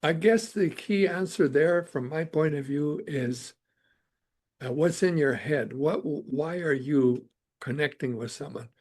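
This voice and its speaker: Older man, from Canada, raspy, unhurried storyteller, podcast guest. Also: a little high, a little mellow. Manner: unhurried storyteller, drawn-out phrasing. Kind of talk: storytelling in conversation.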